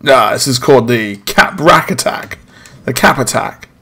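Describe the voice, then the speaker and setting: A man's voice: medium pitch, expressive, measured pace, sharp tone, breathy edge. An English man doing jokey let's play commentary over a video game, swearing and laughing at himself. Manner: jokey, swearing, self-mocking. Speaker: gaming YouTuber.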